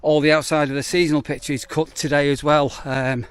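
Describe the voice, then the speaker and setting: A slightly high-voiced British man talks to camera outdoors on a campsite while doing yard work. He rambles in a chatty way with plenty of ums, sounding out of breath from the labour. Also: flat delivery, normal speed, clean tone. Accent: British English. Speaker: campsite warden. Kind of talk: casual outdoor work vlog.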